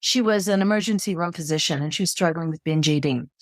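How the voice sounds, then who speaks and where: A woman guest on a podcast interview who explains her ideas in an expressive, storytelling way. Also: fairly low pitch, fast, no echo, clean studio sound. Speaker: podcast guest, eating expert. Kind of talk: conversational explanation.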